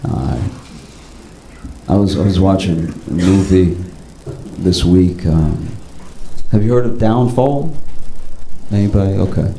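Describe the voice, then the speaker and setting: A male stand-up comedian telling stories with animated swings up into excited bits, on a comedy club stage. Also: unhurried, creaky, pauses often, echoey room, a little hiss or hum, low-quality recording. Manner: animated storytelling, jumps up high into excited bits.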